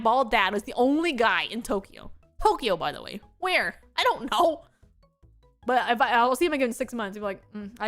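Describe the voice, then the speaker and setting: A young woman VTuber chatting casually on stream, telling stories in an animated way with lots of laughter. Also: on the high side. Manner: animated storytelling with frequent laughter.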